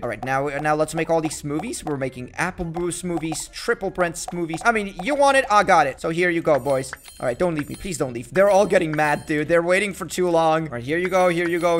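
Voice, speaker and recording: A young man giving excitable, jokey commentary while playing a video game, bossing around the game's customers. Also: sits high. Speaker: gaming YouTuber. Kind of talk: casual gameplay commentary.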